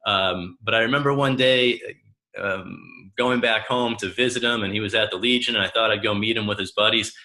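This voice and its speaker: A man's voice: on the low side, moderate pace. A man in his thirties, a coach, telling family stories and acting out the voices of the people in them. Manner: animated storyteller who acts out the voices of the people in his stories. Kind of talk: personal storytelling talk.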